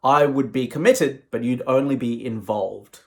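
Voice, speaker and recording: A wry farmyard pig, as a man puts it on with a dry, mock-formal way of talking. Its voice sits a little lower and quieter, with a touch of old-fashioned politeness. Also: moderate pace, lightly acted.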